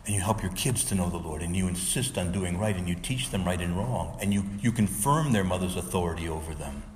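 A man's voice: deep voice, a little fast, big-room sound, slight background noise. A male Catholic priest preaching a sermon, earnest and exhorting, sometimes pleading with his listeners.

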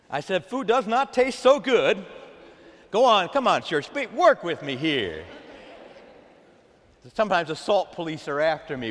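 A man preaching a sermon to a congregation, animated, drawing them into call-and-response. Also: high-pitched. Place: church. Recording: long hall reverb.

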